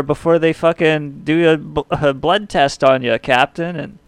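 A male comedy podcast host with a gravelly voice rants in a profane, mock-serious way. He is recorded close on a dry mic with no room sound. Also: a little high, fairly even intonation, normal speed, few pauses, no room sound. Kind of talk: profane satirical comedy talk.

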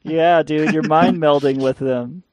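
A man's voice: fairly high pitch, fairly even intonation, unhurried. A man co-hosting a podcast, chatting casually and chiming in with jokes. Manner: joking, interjecting. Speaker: podcast co-host. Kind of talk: casual chat.

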